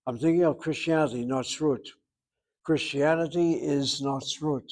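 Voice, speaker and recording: A man teaching a Hebrew grammar lesson, explaining patiently and repeating words slowly to show how they sound. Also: a little high, darkish tone, rough recording. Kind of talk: classroom grammar lecture.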